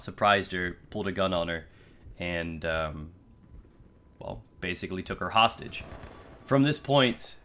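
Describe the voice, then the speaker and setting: A man's voice: low voice, sharp tone, slight background noise. A young American man telling a personal story to his channel viewers in an earnest, conversational way, with frequent fillers and restarts. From United States. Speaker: YouTube creator.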